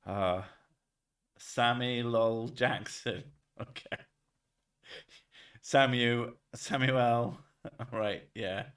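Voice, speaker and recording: A man's voice: medium pitch, steady tone, drawn-out words, long pauses, fairly bright tone, far from the mic. A man streaming and chatting casually, joking, swearing and reading chat messages aloud.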